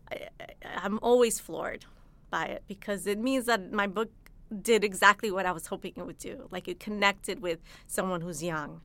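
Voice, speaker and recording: A middle-aged woman author talks about her novel and then reads from it aloud. Her voice is smooth and clear, set at a mid pitch for a woman. Her delivery is plain and unhurried throughout. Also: fairly bright tone, no room sound.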